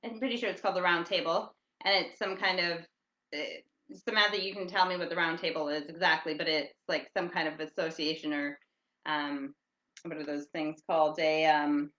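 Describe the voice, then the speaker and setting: A middle-aged woman hosting a casual, rambling chat show, who talks loudly and reads out listener comments as she goes. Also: sits low, flat delivery, normal speed, reverberant, muffled recording. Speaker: podcast host. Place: at home in England.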